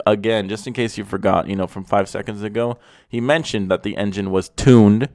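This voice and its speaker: A man's voice: on the low side, fairly even intonation, moderate pace, darkish tone, dry recording, clean studio sound. A young man hosting a car review, talking with blunt, profane, mocking sarcasm. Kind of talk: profane comedic car commentary.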